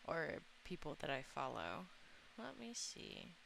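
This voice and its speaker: A woman's voice: sits low, huge pitch swings, takes it slowly, gravelly, fairly bright tone, slight background noise. A woman streamer chatting casually with viewers, giggling often and a little under the weather. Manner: giggly, often laughing, emotional. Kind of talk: casual live-stream chat.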